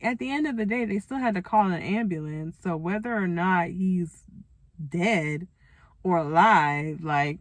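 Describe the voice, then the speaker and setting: A woman giving a casual, animated recap of a TV episode, chatty and exclamatory, with asides to her viewers. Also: on the low side, unhurried, no room sound. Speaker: TV recap vlogger.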